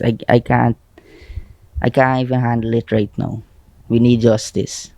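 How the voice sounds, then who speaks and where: A man with a Guyanese accent, an eyewitness telling a reporter how his friend was struck, shaken and halting. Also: mid-range voice, flat delivery, darkish tone, dry recording. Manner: shaken, halting, repeating himself. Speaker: eyewitness interviewed. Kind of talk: news interview.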